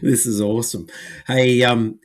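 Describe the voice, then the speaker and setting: A man's voice: medium pitch, little pitch movement, measured pace. A man with an Australian accent hosting a podcast, chatty and upbeat as he introduces and questions his guest. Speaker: podcast host. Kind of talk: casual podcast interview.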